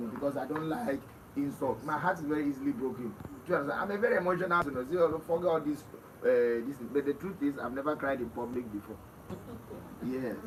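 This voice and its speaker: A Nigerian man with a somewhat high voice talks in a casual interview, emphatic and quick to laugh. He sounds set back from the mic, with steady noise behind him. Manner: emphatic, laughs often, swings between loud and hushed. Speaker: interview guest. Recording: distant mic with noisy background.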